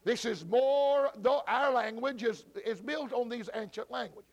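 A man teaching a church Bible study, talking slowly with many fillers and repeated words, and calling out to people at the back of the room. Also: very high-pitched, creaky, highs cut off. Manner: slow, repetitive teaching with frequent fillers and restarts.

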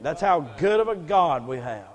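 A man preaching a sermon in a church, fervent, repeating words and rising to shouts. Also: a little high, sing-song, moderate pace, long reverb tail. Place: church sanctuary.

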